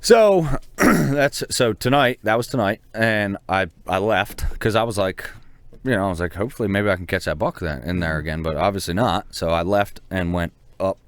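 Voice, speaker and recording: A man co-hosting a hunting talk show, swearing freely as he tells a heated story and jumps up in pitch when he quotes the shouting. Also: animated, normal speed, clean tone, no echo. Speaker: hunting podcast co-host. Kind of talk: casual chat.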